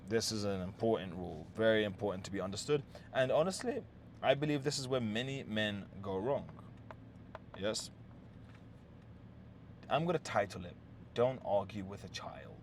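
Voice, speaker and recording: A man's voice: lowish voice, slight background noise. A man giving relationship advice in an unscripted monologue, blunt and full of swearing, often checking in with a "yes?" and restarting his sentences. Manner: restarts and repeated words.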